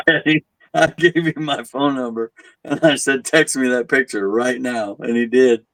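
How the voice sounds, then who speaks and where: Male tour guide, relaxed storyteller who voices the people in his tale; dry, close recording. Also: mid-range voice, measured pace, dry recording, poor audio. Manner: laid-back, animated when quoting people, chuckles at his own jokes. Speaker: haunted asylum tour guide. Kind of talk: casual storytelling.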